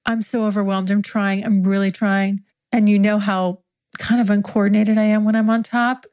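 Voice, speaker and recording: Young woman, warm tone, improvised second-person intimate narration, soft and close. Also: medium pitch.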